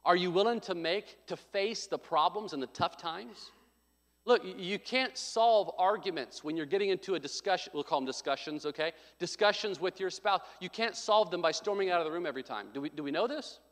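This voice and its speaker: A man preaching a conversational sermon as pastor, telling stories and swinging between hushed asides and emphatic points. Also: sits high, brisk, big-room sound. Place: church sanctuary.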